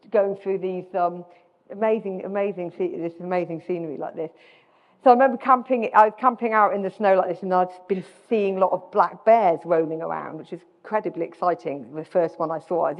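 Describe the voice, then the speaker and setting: A middle-aged British woman with a British accent, giving a self-deprecating live talk as a guest speaker, often restarting her sentences. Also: mid-range voice. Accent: British English. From Britain. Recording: dull sound with long hall reverb.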